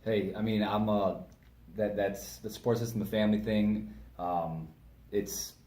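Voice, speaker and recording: Low-voiced male co-host, earnest and halting; echoey room with faint background noise. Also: steady tone, darkish tone. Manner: earnest, halting, full of fillers. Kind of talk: casual chat.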